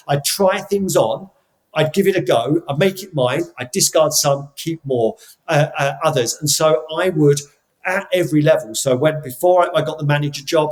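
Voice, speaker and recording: Middle-aged english guy on a podcast, a bit higher voice, thinks aloud, lots of "so, so" restarts. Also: rough recording. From England. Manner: thoughtful, frequent restarts and repeated words. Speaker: podcast guest. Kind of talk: reflective storytelling.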